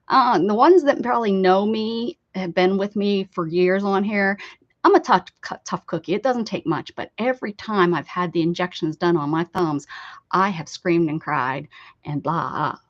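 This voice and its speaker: On an art live stream, an American woman chats casually, rambling, laughing and replying to viewer comments. Her voice is mid-range at a moderate pace, over slightly dull lo-fi stream audio.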